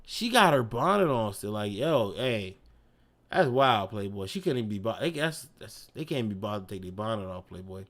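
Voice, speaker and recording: A man's voice: on the low side, sing-song, normal speed, fairly bright tone. A man streaming live, reacting to clips in casual, slangy chat and laughing often.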